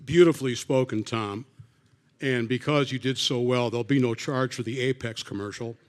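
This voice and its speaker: A man's voice: medium pitch, fairly even intonation, moderate pace. A man emceeing a hall of fame banquet, joking wryly between speakers and introducing the next presenter. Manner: wry, joking, conversational.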